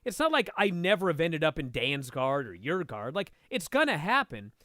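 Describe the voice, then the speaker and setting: A man talking as a guest and instructor, telling a story in a casual, animated way and swearing freely. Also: on the high side, normal speed, no echo, clean studio sound. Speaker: podcast guest, martial arts instructor.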